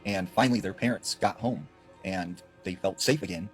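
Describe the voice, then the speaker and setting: Man, low voice, spooky storytelling, conversational, dramatic swells, faint music behind. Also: moderate pace. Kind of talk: retelling paranormal stories.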